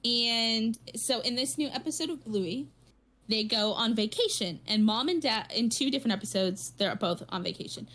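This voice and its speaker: A woman's voice: fairly high pitch, moderate pace, fairly bright tone. A woman co-hosting a podcast, retelling a story in casual chat with lots of fillers and restarts. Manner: rambling storytelling with many fillers. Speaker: podcast co-host.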